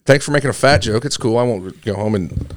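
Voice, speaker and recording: A man's voice: mid-range voice, a little fast. A man co-hosting a casual podcast, joking at his own expense and swearing freely. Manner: animated, self-mocking, profane. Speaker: podcast co-host. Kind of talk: casual profane banter.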